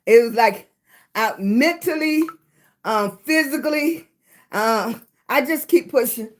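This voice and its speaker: A woman's voice: fairly high pitch, slow. A woman with a Southern US accent hosting a casual livestream chat, greeting viewers by name on her phone. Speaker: livestream host.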